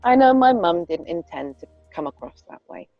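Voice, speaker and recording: A woman's voice: on the low side, big pitch swings, moderate pace, gravelly, dry recording, highs cut off, faint music behind. A woman in casual chat, candid and earnest, swearing freely. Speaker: podcast co-host, parent.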